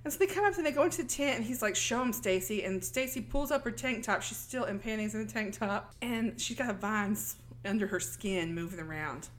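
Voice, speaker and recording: A woman's voice: mid-range voice, expressive, brisk, few pauses, slight background noise. A woman co-hosting a podcast, casually recapping a film and acting out the characters' lines. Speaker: podcast co-host.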